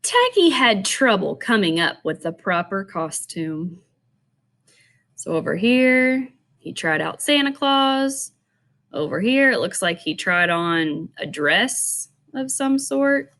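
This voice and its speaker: A woman who teaches, reading a picture book aloud to children and gently asking them questions about it. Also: mid-range voice, very animated, takes it slowly.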